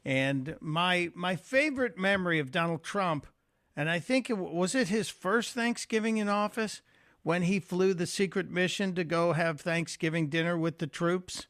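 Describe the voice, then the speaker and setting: A man's voice: high-pitched, normal speed, a bit bright, no echo, studio quality. A man guest-hosting a radio call-in show, talking in a conversational, folksy way with frequent fillers. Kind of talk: talk radio monologue and call-in.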